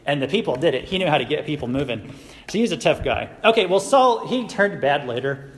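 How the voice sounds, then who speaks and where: A man's voice: a little high, very animated, fairly quick. A man giving a casual youth sermon, retelling a Bible story in everyday words and asking his listeners questions. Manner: conversational, asks the audience questions. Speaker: youth pastor. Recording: echoey hall recording, faint noise.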